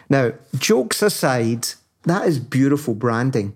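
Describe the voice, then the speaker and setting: A man from northern England co-hosting a casual talk show, animated and laughing as he speaks. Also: mid-range voice, normal speed. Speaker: podcast co-host. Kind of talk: casual conversation.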